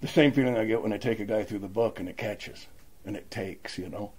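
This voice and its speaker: A man's voice: lowish voice, a little fast, darkish tone, breathy edge. An older man sharing his personal recovery story at a meeting, plainspoken and emotional. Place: meeting room.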